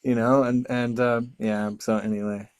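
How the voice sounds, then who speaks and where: A middle-aged man, a guest on an interview podcast, chatting casually in a lively, self-deprecating way and acting out the voices he quotes. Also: mid-range voice, moderate pace, smooth, no echo. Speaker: guest, storyteller and artist.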